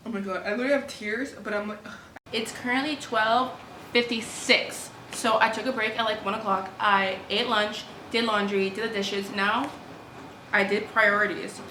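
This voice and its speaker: A young woman vlogging her reading, emotional and exclaiming, swinging from hushed to loud reactions. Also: medium pitch, fairly even intonation, normal speed. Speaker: book vlogger. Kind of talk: reading vlog chatter. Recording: roomy echo, faint room noise.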